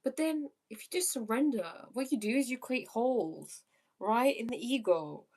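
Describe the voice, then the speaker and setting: A woman's voice: on the high side, animated, normal speed, a little mellow, husky. Young woman, life coach, live stream, earnest spiritual answers, reads questions aloud. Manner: spiritual, earnest, prone to laughing.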